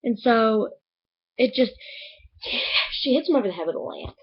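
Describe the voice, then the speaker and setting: A woman's voice: fairly high pitch, animated, moderate pace, slightly rough, highs cut off. A young woman in a casual book review vlog, chattily retelling a plot with lots of "like". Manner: gushing, chatty retelling with many "like"s.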